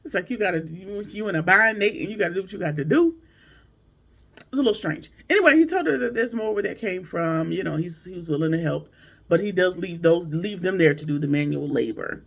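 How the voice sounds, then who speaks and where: A high-pitched man with a gravelly edge talks through a TV episode like he's catching up with friends. His delivery is chatty and animated, full of slang and asides to his viewers. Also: a little fast. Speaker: TV show reviewer. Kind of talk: casual recap commentary.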